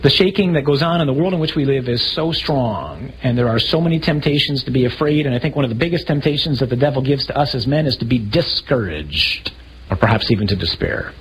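A man preaching a sermon, telling stories with animated, acted-out scenes. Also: medium pitch, fast, slight background noise, low-quality recording. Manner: animated storytelling, acting out scenes with raised voice. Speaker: priest.

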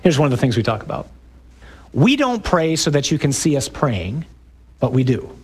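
A man's voice: medium pitch, big pitch swings, normal speed, husky. A male priest giving an emphatic, conversational talk to a group, with rhetorical questions.

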